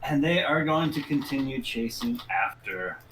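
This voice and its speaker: A man running a tabletop game with lively pitch at an unhurried pace, narrating the action dramatically. His voice carries a roomy echo, with faint room noise behind it. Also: a crowd in the background. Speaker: game master.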